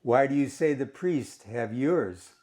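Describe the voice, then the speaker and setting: A sarcastic old lady with a quick, teasing tongue, needling the stranger who shares her bench, as a man reading aloud puts her on. She speaks in a somewhat higher voice, in the easy tone of a classroom reading. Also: expressive, mellow, close to an everyday voice. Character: sharp-tongued cheeky old woman on a park bench.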